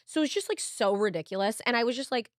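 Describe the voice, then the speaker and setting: A young woman co-hosting a podcast, telling a story in a casual, animated way, swearing a lot and saying "like" often. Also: on the high side, fast, no echo, studio quality. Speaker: podcast co-host.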